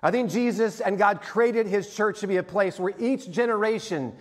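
A middle-aged man preaching from the pulpit in a high, light voice. He tells stories in a sermon style and grows animated when he acts out scenes. His voice rings with the long reverb of a large church hall. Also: moderate pace. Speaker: pastor. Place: church sanctuary.

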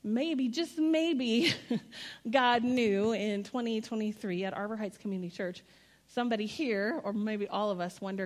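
A woman with a fairly high voice preaches to a church congregation. Her delivery is chatty and playful, then earnest, and she often asks the room questions. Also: expressive, unhurried. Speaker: guest speaker. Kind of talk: sermon. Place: church auditorium.

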